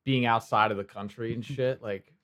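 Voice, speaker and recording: A man's voice: mid-range voice, fairly even intonation, normal speed, a bit bright. A man hosting a podcast in casual chat, laughing often, saying "dude" and swearing freely. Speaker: podcast host.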